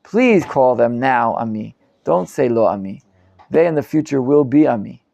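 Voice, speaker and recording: A man, a rabbi, teaching a live Bible class, reading Hebrew commentaries quickly and explaining them in English with frequent Hebrew terms. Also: gravelly, dry recording, muffled recording. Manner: animated, acts out quoted speakers with sudden loud pitch jumps.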